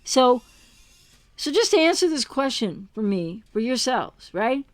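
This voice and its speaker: A relationship recovery coach takes it slowly as she delivers a heated talk to camera, full of rhetorical questions and words repeated for emphasis. Her fairly high voice swings widely in pitch, and there's no room sound.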